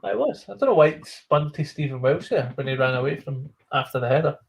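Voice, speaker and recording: A man's voice: on the high side, quick pace, vocal fry, lo-fi sound. Blunt opinionated man commentating live football. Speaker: football live-stream co-host.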